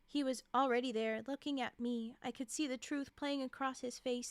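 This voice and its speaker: Woman streamer reading holiday stories, giggly little asides, high voice, dry close sound. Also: fairly even intonation, normal speed, hardly any pauses, no room sound. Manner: giggly, chatty asides between passages. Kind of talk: reading a storybook aloud with asides.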